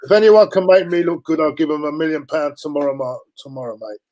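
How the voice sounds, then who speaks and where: A man in casual football chat, telling animated stories and mimicking fans. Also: a little high, fast talker, low-quality recording. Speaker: guest on a live chat show.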